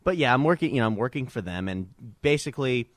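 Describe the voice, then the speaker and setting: A man's voice: medium pitch, animated, quick pace, no echo, studio quality. A man chatting casually as a podcast guest, laid-back and candid, laughing easily. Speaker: radio board operator, guest.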